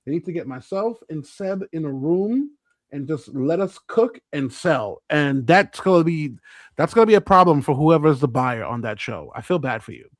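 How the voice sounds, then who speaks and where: A man with a high, bright speaking voice tells stories on a casual show. He keeps slipping into other people's voices as he quotes them. The sound is close and dry. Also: animated, normal speed, no room sound. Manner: acts out quotes in different voices, laughs a lot. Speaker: podcast co-host. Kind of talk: animated storytelling chat.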